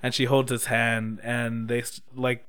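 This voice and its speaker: A young man in casual chat recapping an episode, excitable and swearing freely. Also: mid-range voice, measured pace, smooth.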